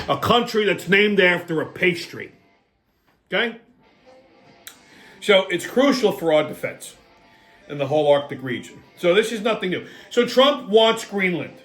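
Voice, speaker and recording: A man's voice: high voice, a bit bright. A man hosting his own show with a profane, sarcastic comedic political rant. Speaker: host.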